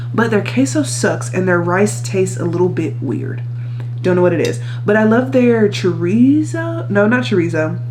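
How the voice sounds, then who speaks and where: A young woman talks to camera in a relaxed vlog, telling stories in a chatty way and leaning on "like" as she goes. Her voice sits at a medium pitch. A faint noise runs underneath. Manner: chatty storyteller, frequent "like" fillers. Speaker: nursing student vlogger. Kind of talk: casual vlog chat.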